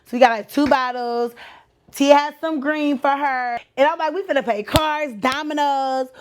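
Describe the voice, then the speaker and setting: A young woman from Texas with a Texan accent, telling a story on her podcast in a casual, animated, slangy way, acting out the voices of the people in it. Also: sits high, normal speed, background noise. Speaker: podcast host.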